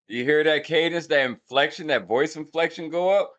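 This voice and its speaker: A man's voice: on the high side, moderate pace, hardly any pauses, fairly bright tone. A man hosting a hip hop breakdown channel, talking casually and brashly to his viewers and counting out beats aloud to explain rhythm. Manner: brash, talks straight to viewers. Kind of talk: casual music breakdown commentary.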